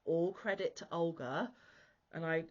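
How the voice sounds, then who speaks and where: A woman hosting a crochet channel, chatting casually to camera in a gushy, excitable way. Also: on the low side, unhurried. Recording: dull lo-fi audio.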